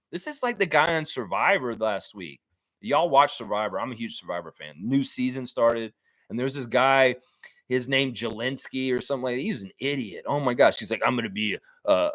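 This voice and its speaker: A man hosting a basketball fan live stream, chatting casually, reading viewer comments and ranting with the odd swear. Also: no room sound. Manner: animated, jumps into high-pitched mock voices when quoting people.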